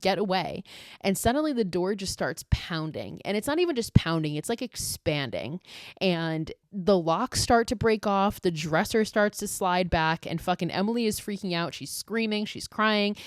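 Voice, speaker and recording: A young adult woman hosting a podcast, recapping a horror movie in a casual, profane, animated way. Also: fairly low pitch, no echo, clean studio sound. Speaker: podcast host.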